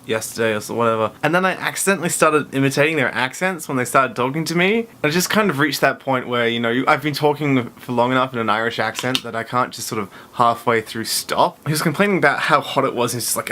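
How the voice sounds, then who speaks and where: A man's voice: mid-range voice, fast talker, hardly any pauses, bright, forceful tone. A young man talking alone in his bedroom in a playful, exclamatory vlog monologue. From Perth, Australia. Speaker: vlogger.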